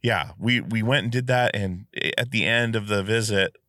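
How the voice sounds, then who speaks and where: A man with a fairly low voice recounts a story in relaxed podcast chat, piling up fillers and asides as he goes. The sound is close and dry. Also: normal speed, no room sound. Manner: animated storyteller, many fillers. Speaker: podcast host.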